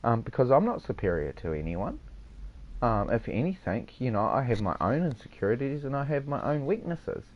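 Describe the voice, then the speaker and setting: A man's voice: medium pitch, very animated, moderate pace, dull audio. A man with a New Zealand accent chatting casually over game voice chat, handing out easygoing advice and calling people mate. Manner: laid-back, advice-giving, says "mate" a lot. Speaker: gamer chatting with other players.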